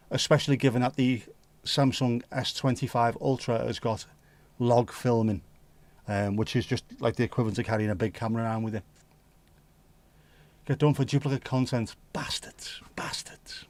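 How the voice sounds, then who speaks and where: A man's voice: mid-range voice, fairly even intonation, normal speed, a little mellow, no room sound. Joking, sweary Scouse man. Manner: rambling, jokey, sweary. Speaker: livestream host. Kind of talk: casual chat.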